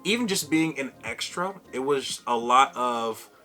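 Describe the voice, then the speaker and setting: Animated, bright-voiced man telling a story. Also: mid-range voice, a little slow, faint music behind. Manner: animated, acts out other people's lines. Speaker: vlogger. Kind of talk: casual storytelling to camera.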